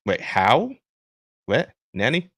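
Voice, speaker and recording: A man hosting a podcast in casual chat with a smooth voice. He rambles with many restarts. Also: medium pitch, sing-song, slow pace, fairly bright tone, no echo. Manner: rambling, many restarts and fillers, laughs while talking. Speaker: podcast host.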